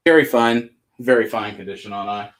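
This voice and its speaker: A man's voice: lowish voice, a little fast, fairly bright tone. Joking Southern-accented man hosting a sale. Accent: Southern American. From American South. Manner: joking, chatty, reads out items. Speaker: live sale host. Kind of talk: casual live sales chat.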